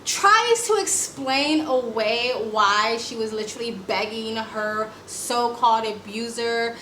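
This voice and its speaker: Sarcastic high-voiced woman commenting. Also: bright, forceful tone, echoey room, slight background noise. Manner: blunt and sarcastic, swears freely. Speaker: reaction video host. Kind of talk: casual commentary.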